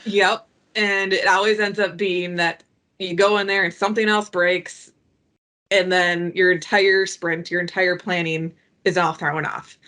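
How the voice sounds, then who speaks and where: A woman talking as a guest on a work podcast, animated and acting out what colleagues say. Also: on the low side, unhurried. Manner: animated, acts out quoted colleagues in lively voices. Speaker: project delivery guest. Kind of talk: conversational podcast talk.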